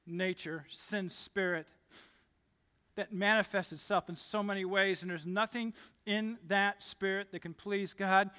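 A man preaching a sermon as pastor, delivering emphatic declarations in quick succession. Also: high voice, bright, forceful tone. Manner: emphatic, rapid-fire declarations. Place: church sanctuary. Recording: long hall reverb.

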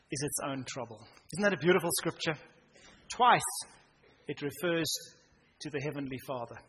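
A man preaching a sermon in church, swinging from loud emphasis down to a hushed near-whisper. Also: a little high. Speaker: pastor. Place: church hall. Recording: reverberant church hall, faint noise.

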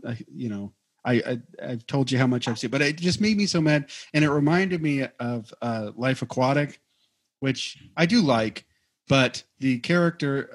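A man co-hosting a podcast in casual chat, rambling and hesitant, with many fillers and restarts. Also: mid-range voice. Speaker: podcast co-host.

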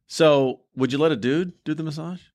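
A man's voice: on the high side, normal speed, darkish tone. A man hosting a casual group chat, teasing his guests with questions and laughing often. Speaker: host asking questions.

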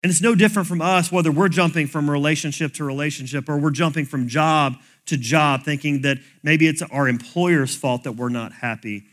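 Pastor, male, slightly high bright voice, casual preaching delivery. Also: a little fast, few pauses. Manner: conversational preaching, plain everyday phrasing. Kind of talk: sermon.

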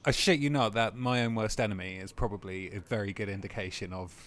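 A hungover man hosts a casual chat podcast. His voice sits fairly low, and he rambles, often laughing in the middle of his sentences. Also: fairly even intonation, quick pace, fairly bright tone. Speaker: podcast host.

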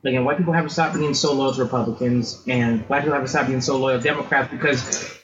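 A man co-hosting a podcast, giving opinions on politics and schools in a halting way with many restarts. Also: medium pitch, steady tone, crowd noise. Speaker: podcast co-host. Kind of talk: casual podcast chat. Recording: dull lo-fi sound with faint background noise.

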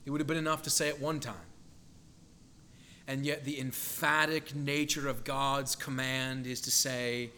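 A man's voice: mid-range voice, flat delivery, a little slow, sharp tone, a little hiss or hum. A man preaching a sermon in an earnest, emphatic way, building dramatic tension when he quotes scripture.

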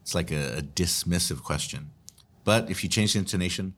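A man's voice: low-pitched, fairly quick, a bit bright. A man, hosting and answering listener questions in an earnest, chatty way. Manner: earnest, explanatory, chatty with restarts. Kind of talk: casual commentary.

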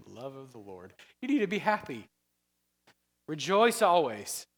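A man's voice: medium pitch, huge pitch swings, normal speed, big-room sound. A man preaching a casual, joking sermon in a church, breaking into chatty asides and laughing often. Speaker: pastor. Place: church sanctuary.

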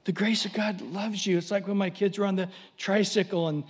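A man's voice: high voice, steady tone, brisk, husky, long reverb tail. A man preaching a sermon, telling a story animatedly and acting out voices.

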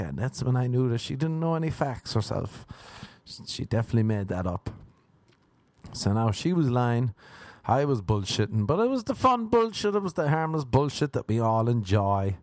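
An Irish man with a gravelly voice telling a comic story in a deadpan, play-dumb manner. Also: medium pitch, normal speed, no echo, studio quality. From Ireland. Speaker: comedian.

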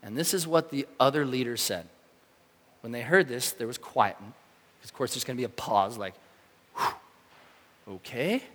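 A man preaching a sermon in a casual, animated way, acting out the reactions of the people in his story. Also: medium pitch, moderate pace, in a large hall. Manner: animated, conversational, acts out quoted reactions. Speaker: pastor.

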